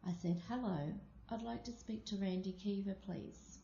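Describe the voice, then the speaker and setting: A woman from Australia telling a personal story aloud, slow and deliberate. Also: medium pitch, gravelly, dark tone. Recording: muffled, echoey room.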